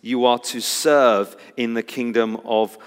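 Guy giving a sermon, mid pitch, big hall echo, goes loud then quiet a lot. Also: slow, clean tone. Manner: animated storytelling, acting out disciples' voices, wide swings from loud to hushed. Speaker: preacher.

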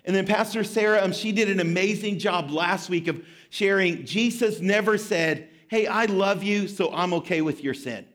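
A pastor in his thirties delivers a sermon with a high-pitched voice. He tells stories in an animated, self-deprecating way before turning to scripture. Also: moderate pace, few pauses.

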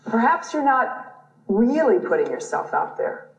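An actress playing a female motivational speaker in a TV series, preaching positive thinking in a calm, insistent way. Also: on the high side, measured pace. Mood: preachy. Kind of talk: TV series acting. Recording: roomy, dull TV clip audio.

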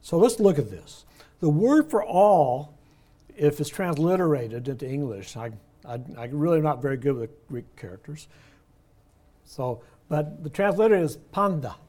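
An older man teaching a Bible study class, explaining word meanings in a conversational way and slowing down to stress key words. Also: a little high, animated, warm tone.

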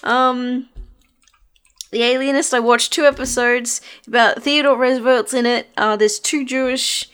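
A woman's voice: high-pitched, steady tone, unhurried, fairly bright tone, clean tone. A woman co-hosting a casual podcast chat, rambling with lots of fillers and frequent giggles. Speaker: podcast co-host.

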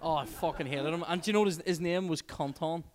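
A man's voice: a little high, quick pace. A man in casual chat, blunt and sweary in his banter.

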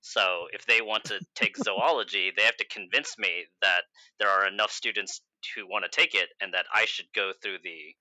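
Low, very bright-voiced man. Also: normal speed, hardly any pauses, no room sound, poor audio. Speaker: science teacher. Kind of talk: casual chat.

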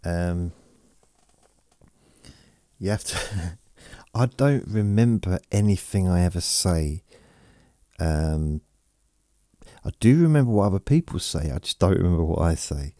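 A man's voice: deep voice, animated, a little slow, pauses often, dark tone, no room sound, clean studio sound. A man hosting a sleep podcast, rambling and self-mocking as he reads listener messages aloud. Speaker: podcast host.

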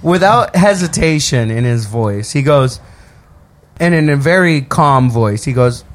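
A man spins a story in relaxed conversation, his voice sitting a little high and swinging all over the place. He swears freely and keeps cracking himself up. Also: moderate pace, a little hiss or hum. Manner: animated storyteller, laughs a lot and swears. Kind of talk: casual storytelling chat.

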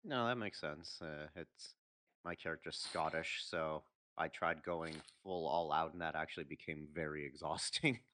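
A man's voice: a bass voice, moderate pace, sharp tone. A man hosting a casual podcast chat, easygoing, stammering and repeating words now and then. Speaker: podcast host.

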